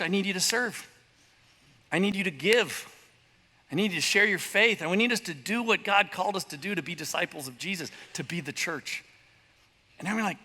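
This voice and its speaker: Animated preaching man in a church hall. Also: sits high. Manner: animated preaching with voiced asides and quick impressions. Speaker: pastor. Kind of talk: sermon. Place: church sanctuary.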